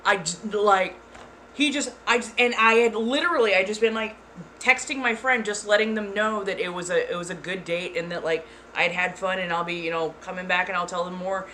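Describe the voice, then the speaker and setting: A woman hosting her channel, telling a story in casual chat, animated and swearing freely. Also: mid-range voice, normal speed, slight background noise. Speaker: ASMR channel host.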